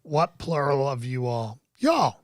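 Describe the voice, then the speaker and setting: A man's voice: medium pitch, big pitch swings, slow pace, dry recording, studio quality. A man hosting a casual live-stream chat, laid-back and rambling with lots of fillers. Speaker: podcast host.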